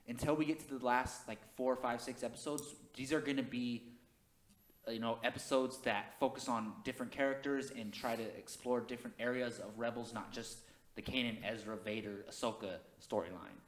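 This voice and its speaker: A man co-hosts a relaxed podcast chat, getting excited easily and laughing often. His voice sits at an ordinary middle pitch. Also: brisk. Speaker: podcast co-host.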